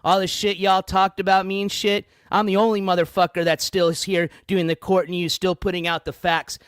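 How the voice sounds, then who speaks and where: A man's voice: high-pitched, little pitch movement, moderate pace, clean tone, no room sound, clean studio sound. Angry, profane male livestream host.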